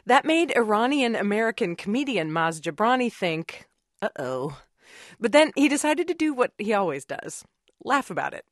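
Radio host, mid pitch, conversational interviewer, dry studio mic. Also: sing-song, normal speed, fairly bright tone, no echo.

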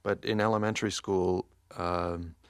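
A man from New Jersey, a guest musician talking casually in an interview, soft-spoken with hesitant restarts. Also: sits low, fairly even intonation, moderate pace, clear, resonant tone, dry recording, studio quality. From Montclair, New Jersey.

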